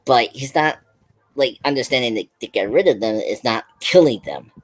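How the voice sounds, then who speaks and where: A man's voice: medium pitch, lively intonation, moderate pace. A man hosting a pop culture stream, retelling a film's scenes in a loose, rambling way with lots of "like" and restarts. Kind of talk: casual film review chat.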